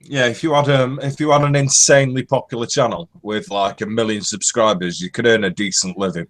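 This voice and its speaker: A man's voice: medium pitch, fairly even intonation, a little fast. A man chatting casually on a live stream as co-host, agreeable and joking, fond of doing accents.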